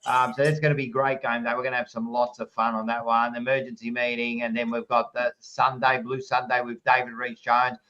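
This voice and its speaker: An Australian man hosting a fan podcast, rambling and excitable as he signs off the live stream and swears freely. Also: mid-range voice, fairly quick, hardly any pauses, recorded from a distance, dull audio. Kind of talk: casual live-stream sign-off.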